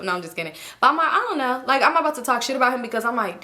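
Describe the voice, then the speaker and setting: A woman's voice: high-pitched, animated, rapid-fire, few pauses, sharp tone. A young woman telling a storytime vlog in casual slang, addressing her viewers as y'all. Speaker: vlogger.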